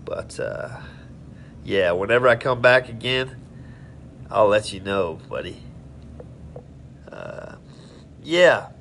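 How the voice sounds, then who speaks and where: A man's voice: medium pitch, fairly bright tone, slight background noise. A man hosting a casual live stream, rambling in a friendly, tipsy way as he tells stories and greets viewers.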